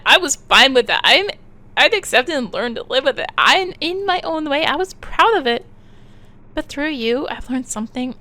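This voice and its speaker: A woman's voice: sits high, bright, forceful tone. A woman voicing a hurt, bitter teenage girl who talks in a tearful, cutting way.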